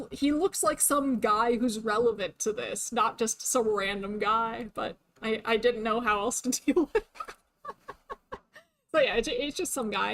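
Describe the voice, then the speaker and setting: A woman's voice: a little high, a bit bright. A young adult woman streaming casually, chatty with many fillers and frequent laughs, her voice starting to tire. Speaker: VTuber streamer. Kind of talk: casual livestream chat.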